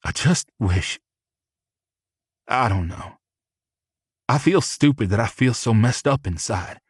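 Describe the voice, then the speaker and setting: A man reading aloud and voicing an emotional young man who speaks in a halting, upset way, in an audiobook. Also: mid-range voice, lively intonation, husky, dry recording, studio quality. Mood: tender. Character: young man, emotional, tender, shaken boyfriend. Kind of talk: audiobook character voice.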